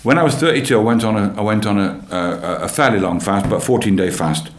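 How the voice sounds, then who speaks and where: A man, a church leader giving an earnest, animated personal testimony in an interview, often repeating his phrases. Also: lowish voice, fast talker, a little hiss or hum. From England. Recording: roomy echo.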